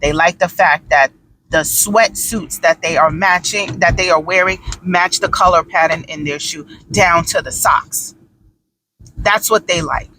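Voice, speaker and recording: Sassy, bright-voiced mother telling stories. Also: lowish voice, slight background noise, poor audio. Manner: animated, sassy storytelling with quick asides. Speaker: podcast host. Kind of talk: casual talk monologue.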